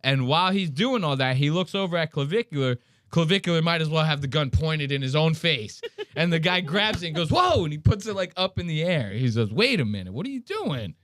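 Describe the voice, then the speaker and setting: A man's voice: on the high side, a little fast, fairly bright tone, dry recording, studio quality. A man hosting a casual podcast, telling a story with lots of swearing, laughter and acted-out quotes. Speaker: podcast host.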